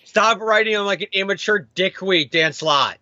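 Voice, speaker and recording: A man's voice: high-pitched, moderate pace, pushed and bright, dry recording, muffled recording. A man co-hosting a casual comic-book podcast, given to profane rants. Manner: profane, ranting. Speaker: podcast co-host.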